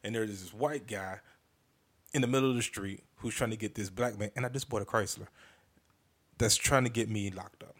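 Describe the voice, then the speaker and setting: A man's voice: fairly low pitch, normal speed, breathy edge. Profane storytelling man hosting a podcast. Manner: animated, profane, restarts mid-sentence. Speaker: podcast host and comedian. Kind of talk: casual comedic storytelling.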